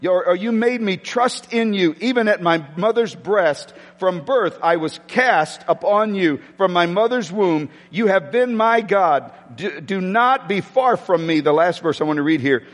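A man's voice: high voice, lively intonation, unhurried, hardly any pauses, long reverb tail. A man preaching a sermon as pastor in a church, telling self-mocking stories with many stumbles and restarts. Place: church hall.

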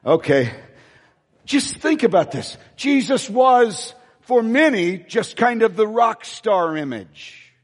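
A male pastor preaching a sermon in a large church, with emphatic peaks and quieter asides. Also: high voice, sing-song, slow pace. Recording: long church hall reverb.

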